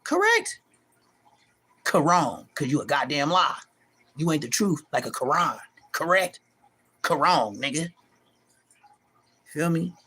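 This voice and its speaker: A middle-aged man delivering a profane, taunting callout rant to the camera, animated and mocking. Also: a little slow, pauses often, slightly rough. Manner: animated, profane, taunting, pitch leaping high in mocking bursts. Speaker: street vlogger.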